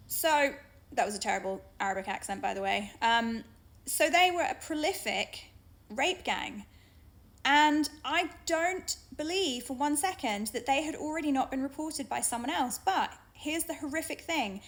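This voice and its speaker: A young British woman telling a personal story straight to camera in a frank, earnest way. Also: high-pitched. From Britain. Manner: earnest, frank, with pauses and restarts. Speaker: vlogger.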